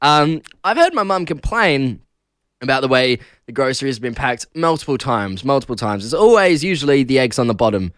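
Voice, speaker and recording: Chatting and laughing his way through animated stories, a young Australian man hosts breakfast radio in a fairly quick, mid-range voice. There's no room sound, and his studio broadcast mic gives studio quality.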